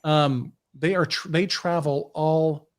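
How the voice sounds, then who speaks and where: Rambling podcast host, fairly high voice. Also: male voice, fairly even intonation, slow pace. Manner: rambling, self-correcting. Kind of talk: casual podcast chat.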